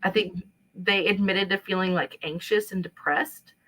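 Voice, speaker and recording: A woman speaking as a panel guest in a casual discussion, explaining in a quick, animated way. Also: mid-range voice, poor audio.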